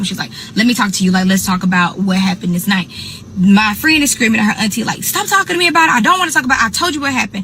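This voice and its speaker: A young woman tells a casual storytime, animated, calling her listeners y'all and acting out what others said. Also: mid-range voice, slight background noise, low-quality recording. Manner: animated, addresses listeners as y'all, acts out quoted people. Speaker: host.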